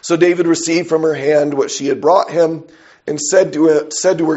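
Reading scripture aloud and putting questions to his listeners, a man preaches a sermon in a fairly high, steady, darkish voice at a moderate pace. The recording is dull and lo-fi.

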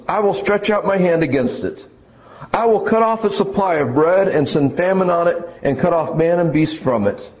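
A man with a fairly high voice preaches earnestly, reading long passages of scripture between his own points. He often stumbles and repeats a word as he restarts a sentence. The recording is dull and lo-fi. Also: darkish tone.

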